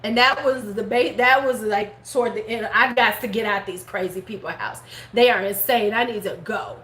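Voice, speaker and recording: A middle-aged woman hosting a live stream, casually telling a story in animated fashion, swearing freely and acting out her relatives' words. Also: medium pitch, normal speed. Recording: roomy echo, faint background noise.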